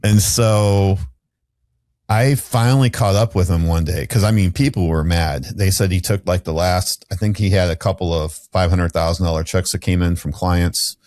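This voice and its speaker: A man's voice: deep voice, fairly even intonation, normal speed, darkish tone, no room sound. A middle-aged man, a podcast guest, telling a candid story in a rambling way with restarts and fillers.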